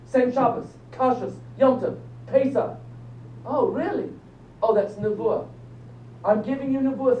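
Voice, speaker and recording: An older man, a rabbi giving a lively lecture that quizzes the audience and jokes with them. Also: very high-pitched. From England. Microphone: phone recording from the audience. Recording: distant, echoey, dull phone recording with faint hum.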